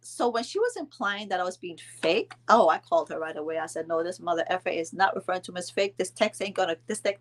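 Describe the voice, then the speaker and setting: Middle-aged woman, casual storytime vlogger, lively pitch swings, indignant and chatty. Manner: animated, indignant retelling with quoted dialogue and mild cursing.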